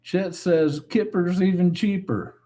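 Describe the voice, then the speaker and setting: A man hosting a casual live stream, reading viewer comments aloud and answering them in a relaxed, chatty way. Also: high-pitched, slow. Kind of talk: casual chat.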